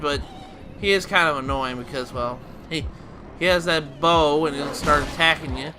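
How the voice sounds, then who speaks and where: A man hosting a video game let's play, explaining the game in a rambling, chuckling way with frequent restarts. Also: a little high. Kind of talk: casual gameplay commentary.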